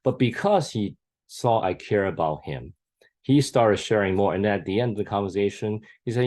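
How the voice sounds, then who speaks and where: A man's voice: lowish voice, brisk, darkish tone. A middle-aged man, a senior pastor, telling an anecdote as a lesson, with frequent stammered restarts. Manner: earnest storytelling with stammered restarts. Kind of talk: teaching anecdote in panel talk.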